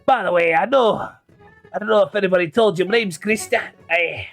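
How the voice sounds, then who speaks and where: A man putting on a gruff old barwoman. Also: high voice, fairly quick, fairly bright tone, faint music behind. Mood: brusque. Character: gruff old female barkeep, blunt and coarse.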